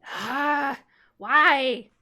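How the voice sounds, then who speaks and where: A woman's voice: extremely slow, pushed and bright, exaggerated voice. A woman voicing a young girl who squeals, whines and panics while trying to cast a spell. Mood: frustrated. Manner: shrill squeals and whiny pleading. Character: young excitable girl practicing magic, panicky.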